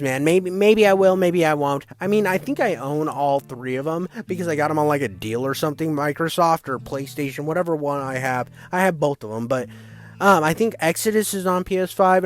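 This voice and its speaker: A young man with a nasal voice giving a crude, rambling, self-mocking video game review. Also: on the high side. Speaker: gaming YouTuber.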